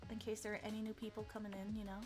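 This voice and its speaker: A young woman streaming casually, excitable and giggly, with lots of fillers and restarts. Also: mid-range voice, very fast, faint music behind. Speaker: VTuber streamer. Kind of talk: casual livestream chat.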